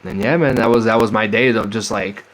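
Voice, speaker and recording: A man's voice: fairly low pitch, steady tone, fairly quick, poor audio. A young man casually telling a rambling, profane story about his own travels, acting out what the people he met said.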